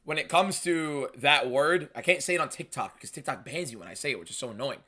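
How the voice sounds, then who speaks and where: A young man hosting a live fight watchalong, reading viewer messages aloud and talking in an emphatic, shouty way. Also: medium pitch, lively intonation, fast. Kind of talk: live stream chat and fight commentary.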